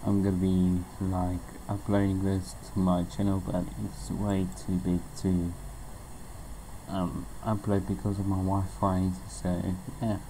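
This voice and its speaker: Slow, very deep-voiced man signing off. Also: slight background noise, poor audio. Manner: slow, relaxed, trailing off. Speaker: channel owner. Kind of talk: casual video sign-off.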